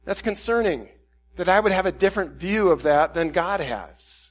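A man with a fairly high voice gives a reflective sermon in a candid, self-questioning way. He works through his doubts out loud and acts out the questions he asks himself. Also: expressive, moderate pace. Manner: candid, self-questioning, with quoted inner dialogue.

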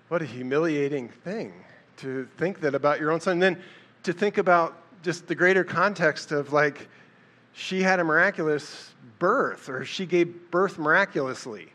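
A man's voice: on the high side, moderate pace, a bit bright. A man giving a casual, conversational sermon, telling Bible stories and acting out the lines of the people in them. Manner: conversational, storytelling, acts out quotes with a raised voice. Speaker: preacher.

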